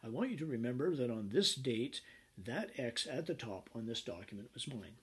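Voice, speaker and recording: A man voicing a stern, insistent father in an anecdote, in a lowered, quieter tone. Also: lively intonation, normal speed, husky. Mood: solemn.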